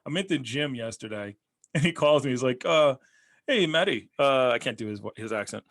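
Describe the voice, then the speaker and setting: A man in a relaxed podcast chat, talking at a middling pitch and wandering through his stories with plenty of energy. He circles back on himself often but keeps the anecdotes lively. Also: brisk. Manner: rambling, animated storytelling. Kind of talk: casual chat.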